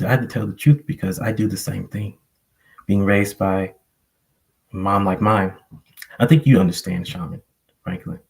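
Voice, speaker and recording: A man's voice: low voice, gravelly, a little mellow, poor audio. A man telling a personal story on a live panel, reflective and rambling with many fillers. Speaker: panel guest. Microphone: online call microphone.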